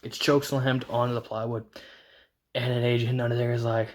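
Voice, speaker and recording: A man giving a casual, excited recap as a wrestling reviewer, rambling with lots of restarts and fillers. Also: mid-range voice, slight background noise. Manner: rambling, fast retelling full of "like" and restarts.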